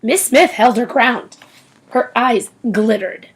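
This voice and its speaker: A woman reading a novel aloud in an expressive storytelling manner. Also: fairly high pitch, slow pace, breathy edge, low-quality recording. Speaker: audiobook reader.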